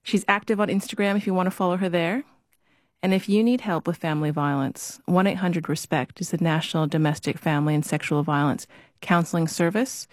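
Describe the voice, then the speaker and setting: A woman hosting a radio interview, asking gentle, measured questions. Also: fairly low pitch, no room sound.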